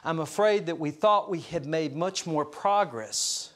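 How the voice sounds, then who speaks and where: A man pastor giving a conversational storytelling sermon at a church service, earnest and slowing down to stress his points. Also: fairly high pitch, fairly bright tone. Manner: conversational, chuckles through anecdotes; earnest, slows for emphasis.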